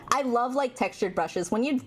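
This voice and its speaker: A woman streamer chatting casually while drawing, rambling and reacting to her chat. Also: a little high. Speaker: vtuber streamer.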